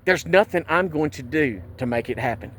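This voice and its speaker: A man's voice: a little high, expressive, moderate pace, a bit bright, slight background noise. A man, recounting a police stop in an agitated, indignant way and repeating himself. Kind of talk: angry personal vlog.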